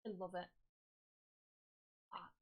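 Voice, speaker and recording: A young adult woman hosting a casual podcast chat, telling animated stories with plenty of swearing. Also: slow pace. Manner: animated storytelling, frequent swearing and laughs. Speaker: podcast host.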